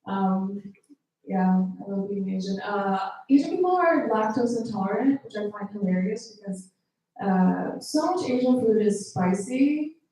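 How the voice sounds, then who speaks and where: A woman from Mongolia doing a stand-up set in a comedy club, with deadpan asides. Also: a little slow. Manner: deadpan asides, jumps to high put-on voices for quotes. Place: small comedy club stage. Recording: roomy club sound from a distance.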